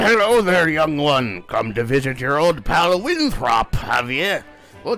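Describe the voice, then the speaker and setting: A man's voice: fairly high pitch, a bit bright, voice pushed up. A man voicing a grumpy old male innkeeper who scolds in a haughty, quavering manner. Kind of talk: reading game dialogue aloud in a voice.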